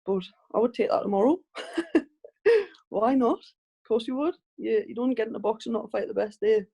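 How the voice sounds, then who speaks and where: Gravelly, dark-voiced Geordie woman. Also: fairly high pitch, lively intonation, moderate pace, lo-fi sound. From Northeast England. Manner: chatty storytelling with frequent restarts and laughs. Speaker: professional boxer, guest. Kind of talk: casual interview chat.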